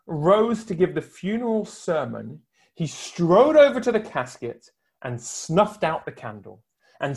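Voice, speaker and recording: A man preaching a sermon from home for an online service, building his points with emphatic, rhetorical repetition. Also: a little high. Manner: emphatic, rhetorical build-ups with long pauses. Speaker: pastor.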